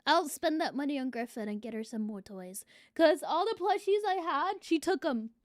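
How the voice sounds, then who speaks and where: A woman's voice: sits high, expressive, moderate pace, dry recording, clean studio sound. A young adult woman streamer chatting casually to her viewers, swearing freely. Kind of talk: casual live-stream chat.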